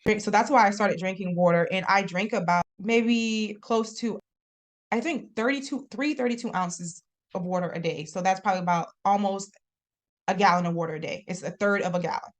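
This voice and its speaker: A young adult woman chatting casually as a podcast guest, expressive and quick to laugh. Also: medium pitch. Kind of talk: casual interview chat.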